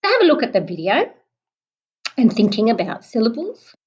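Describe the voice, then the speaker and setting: A young woman, a primary school teacher giving a recorded online lesson, explaining slowly and patiently. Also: a little high, wildly swooping pitch, darkish tone, muffled recording. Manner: clear, slow, patient explaining, clapping out syllables.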